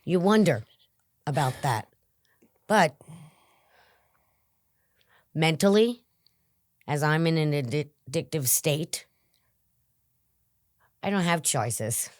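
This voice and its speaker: Low slow-spoken woman guest. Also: animated, dry recording, studio quality. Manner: earnest and reflective, dropping to whispers. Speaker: guest in recovery. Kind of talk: interview conversation.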